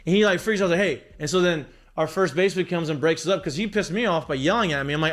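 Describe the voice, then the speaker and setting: A man talking casually as a podcast guest, telling animated stories about baseball with lots of "like" and frequent swearing. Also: fairly high pitch, quick pace, hardly any pauses. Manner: animated storytelling with heavy profanity and filler "like". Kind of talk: casual chat.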